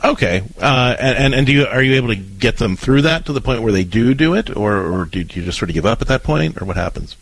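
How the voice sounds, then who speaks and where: A man's voice: mid-range voice, expressive, quick pace, few pauses, breathy edge. A man hosting a call-in radio show, giving parenting advice in a conversational way that often repeats words at the start of sentences.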